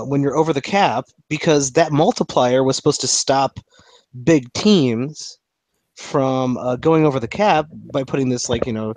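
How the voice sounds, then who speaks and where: A man's voice: mid-range voice, a little mellow, dry recording. Guy hosting a sports podcast, playfully indignant, dry mic. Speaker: podcast co-host. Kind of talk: casual sports chat.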